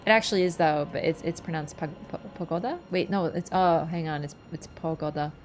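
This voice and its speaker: A woman's voice: low-pitched, fairly even intonation, a little fast, soft background music. A woman streaming a game, chatting casually in a playful, teasing, rambling way. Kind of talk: casual chat while gaming.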